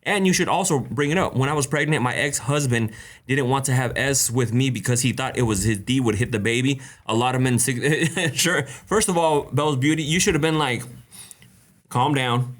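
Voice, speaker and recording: A man hosting a live stream Q&A, reading viewer questions aloud and answering them with blunt, animated advice, laughing often and greeting chatters by name. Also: medium pitch, a little fast. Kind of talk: casual live-stream chat.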